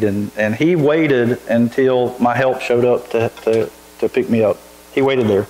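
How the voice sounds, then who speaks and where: A man, a pastor, telling a personal story in a sermon, animated and quick to laugh, with frequent restarts. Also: medium pitch. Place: church sanctuary. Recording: echoey church room.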